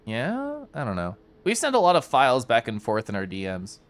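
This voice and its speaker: A young man streaming a game, chatting casually with his viewers in a flowing, animated monologue and laughing often. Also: mid-range voice, normal speed. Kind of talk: casual live-stream chat while gaming.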